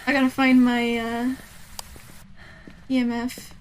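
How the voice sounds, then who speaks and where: A woman with a high voice streams a game live, talking slowly to herself. She keeps repeating questions aloud and is easily startled into swearing and gasping. A faint hiss of noise sits behind her. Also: completely flat delivery, rough recording.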